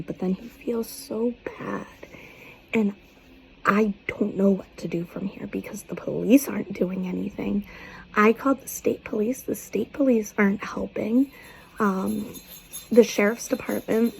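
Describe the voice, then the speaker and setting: A woman in her twenties talking to camera in a personal video, speaking softly with a halting, near-whispered delivery. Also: mid-range voice, gravelly, a little hiss or hum, poor audio. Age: 20s. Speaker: vlogger seeking advice.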